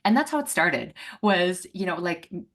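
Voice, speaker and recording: A woman's voice: fairly low pitch, normal speed. A middle-aged woman, a money mindset coach, telling a personal story in a podcast conversation and acting out the voices she quotes. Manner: animated, acts out quoted voices.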